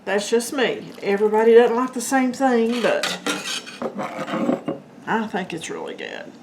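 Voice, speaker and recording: A woman's voice: a little high, lively intonation, a little slow, noisy background. A woman hosting a home cooking video, chatting casually to her viewers as she works in her kitchen. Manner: chatty, talks to viewers as guys and folks. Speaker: home cooking channel host. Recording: echoey kitchen room. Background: clinking dishes and utensils.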